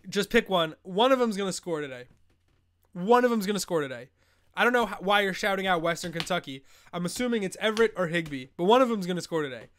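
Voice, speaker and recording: A man's voice: sits high, a bit bright, clean tone. A young man hosting a live fantasy football advice stream, bantering loosely and joking as he answers chat questions. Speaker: host.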